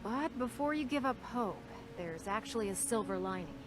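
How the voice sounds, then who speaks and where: An actress playing a brisk female military engineer officer giving a businesslike briefing in a video game. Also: fairly high pitch, expressive, natural voice. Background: game music.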